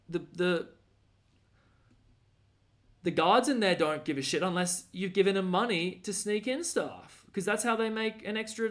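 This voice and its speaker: A man's voice: high-pitched, fairly bright tone. An Australian man ranting casually, rambling and slangy with lots of fillers and restarts.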